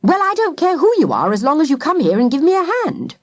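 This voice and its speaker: A woman's voice: high-pitched, sing-song, fast talker, no echo, lo-fi sound, pitched above the performer's own voice. Woman as exasperated, worn-out father, urgent. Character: harried, exhausted father, a dentist.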